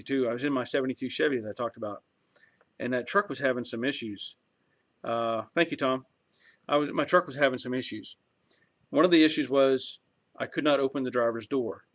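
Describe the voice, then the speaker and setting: A man's voice: mid-range voice, fairly bright tone. A middle-aged man hosting a garage channel, chatting casually on a live stream and reading viewer comments in a talkative, rambling way with chuckles.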